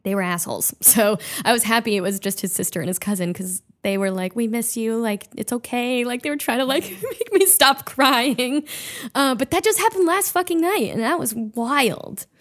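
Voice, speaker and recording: A woman's voice: fairly high pitch, a little fast. A woman comedian guest in casual chat, who swears freely and laughs as she tells an emotional story.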